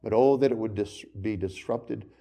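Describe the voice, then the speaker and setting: A man pastor preaching a sermon, swinging between loud emphasis and quiet, hushed storytelling. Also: lowish voice, normal speed.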